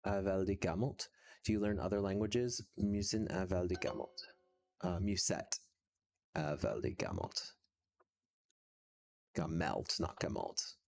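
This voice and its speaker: A man's voice: low voice, normal speed, gravelly. A man streaming casually while practicing a language, talking hesitantly with many fillers and frequent chuckles.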